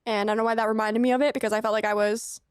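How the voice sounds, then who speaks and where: A woman's voice: on the high side, flat delivery, very fast, clean tone, no echo, studio quality. A young woman streaming a game, chatting casually with rambling asides and frequent laughter. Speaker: streamer playing a farming game. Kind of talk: casual let's-play chat.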